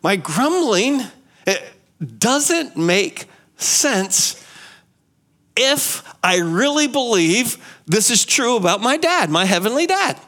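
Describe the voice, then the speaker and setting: A male pastor preaching a sermon in an animated way, asking rhetorical questions and repeating key phrases. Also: very high voice, slow.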